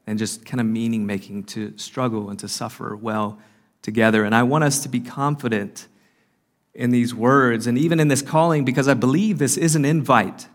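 A man speaking earnestly at a marriage conference, giving a faith-based talk with frequent fillers and restarts. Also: medium pitch. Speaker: conference speaker and podcast host. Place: conference hall.

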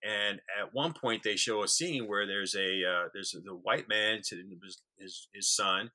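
A man's voice: on the low side, moderate pace, sharp tone. A man co-hosting a casual talk show, telling a story earnestly and often repeating words as he starts a sentence. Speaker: podcast co-host.

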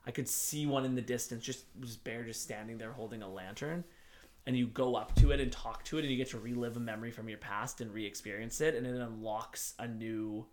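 A man co-hosting a casual game review podcast, talking in a rambling, animated way with lots of filler words and casual swearing. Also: medium pitch, brisk. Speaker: podcast co-host.

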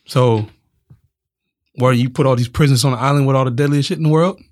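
A man's voice: mid-range voice, steady tone, fairly quick, darkish tone. Blunt, joking man in casual chat. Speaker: podcast co-host.

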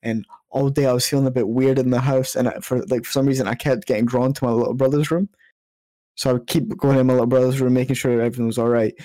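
A man's voice: mid-range voice, fairly even intonation, quick pace, dark tone, dry recording. A young man hosting a podcast, chatty and jokey with frequent swearing. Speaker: podcast host. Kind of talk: casual podcast chat.

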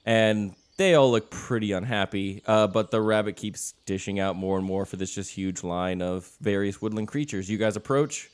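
A man running a tabletop game as game master, narrating scenes in a relaxed way with frequent chuckles. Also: on the low side, normal speed, few pauses, clear, resonant tone.

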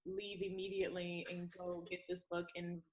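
A woman's voice: on the low side, level tone, normal speed, a little mellow, rough recording. A young woman chatting casually on a podcast, rambling through her thoughts with lots of fillers and frequent laughter.

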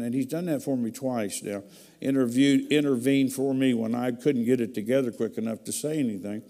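Male preacher, mellow voice, folksy emotional testimony, reverberant church hall. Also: mid-range voice, moderate pace. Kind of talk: testimony sermon.

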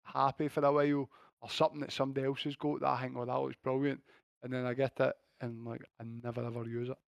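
A man's voice: mid-range voice, completely flat delivery, fast, gravelly, dry recording, dull audio. A Scottish man in his thirties, a footballer guest, telling self-mocking stories in casual chat. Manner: laid-back, self-mocking storytelling.

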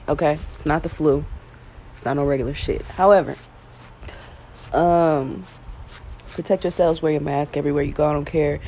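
Low gravelly woman rambling frankly. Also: darkish tone, a little hiss or hum. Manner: rambling, frank, swears casually. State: recovering from illness, yawning and coughing. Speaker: vlogger. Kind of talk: casual spoken monologue. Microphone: self-recorded.

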